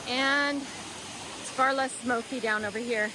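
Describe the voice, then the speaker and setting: A woman's voice: a little high, fairly even intonation, slow. A woman filming a solo backpacking vlog, chatting to the camera as she hikes a mountain trail and cheering herself on. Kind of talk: casual on-trail video diary. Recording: outdoor trail recording with clear background noise.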